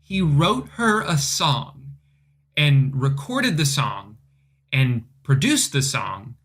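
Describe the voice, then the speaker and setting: A man narrating comedic commentary on a reality show, sarcastic and deadpan, swearing casually. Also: on the high side, takes it slowly. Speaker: video commentator.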